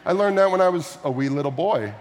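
A man's voice: a little high, lively intonation, quick pace, slight background noise. A man preaching a sermon as a pastor, talking through scripture in a conversational way, with frequent asides and questions to the listeners. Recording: long hall reverb.

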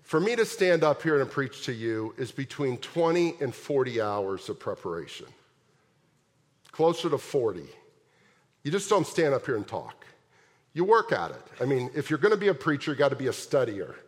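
A man preaching a sermon as pastor, telling the story in a lively way and asking his congregation question after question. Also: mid-range voice, normal speed. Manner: animated storytelling with rhetorical questions. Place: large church sanctuary. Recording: long hall reverb.

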